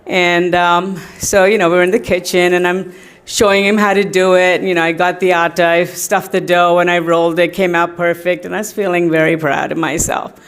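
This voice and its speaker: This middle-aged woman's voice is lowish and level, and she talks fairly fast. In a tribute to her teacher she tells personal stories in a chatty, anecdotal way, often laughing and leaning on plenty of fillers.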